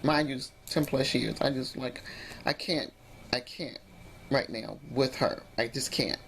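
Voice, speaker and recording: A woman's voice: extremely low pitch, measured pace, vocal fry, slight background noise. A woman vlogging about personal drama, emotional and rambling, often restarting her sentences. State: emotionally upset. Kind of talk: emotional storytime vlog.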